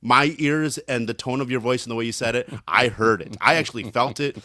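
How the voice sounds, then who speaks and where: A man's voice: medium pitch, a little fast, no room sound, studio quality. A man co-hosting a podcast, telling stories animatedly and acting out what others said, with jokes. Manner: animated storyteller, acts out quotes, jokey. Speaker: podcast co-host. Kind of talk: casual chat.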